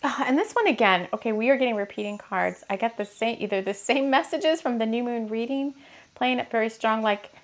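A woman giving a rambling, casual spiritual card reading, her throat a bit hoarse and scratchy, laughing often. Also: on the high side, a little fast. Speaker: tarot card reader.

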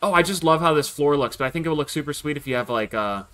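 A young man chatting casually while gaming, excitable and joking, swearing often. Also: fairly high pitch, quick pace. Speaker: host, Minecraft server player.

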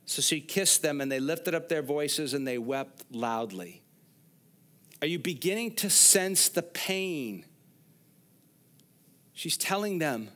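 A man's voice: a little high, unhurried, a bit bright. A man preaching a sermon in a church, explaining scripture and asking the congregation questions. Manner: expository preaching, speaks to the congregation directly. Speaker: pastor. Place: church sanctuary.

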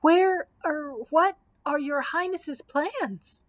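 A woman's voice: lively intonation, normal speed, a bit bright, husky. A woman voicing a timid male courtier who quavers and shrieks in alarm. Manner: shrill and alarmed.

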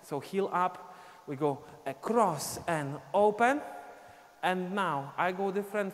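A man's voice: high-pitched, animated, takes it slowly. A man teaching a live online dance class, explaining steps and counting beats aloud as he dances. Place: dance studio. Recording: long reverb, faint ambient noise.

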